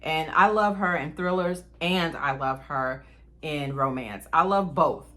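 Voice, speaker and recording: Chatty woman vlogger, lowish voice. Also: measured pace, a bit bright. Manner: chatty, enthusiastic, addresses viewers as y'all. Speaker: book vlogger. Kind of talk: casual chat to camera.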